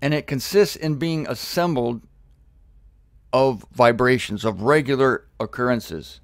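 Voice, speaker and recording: A man gives an animated scripture lesson, piling up repeated words and stressing them as his excitement builds. His voice sits at an ordinary middle pitch. It is recorded close and dry, with no room sound. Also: measured pace, no room sound. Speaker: Bible teacher. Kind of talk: energetic scripture teaching.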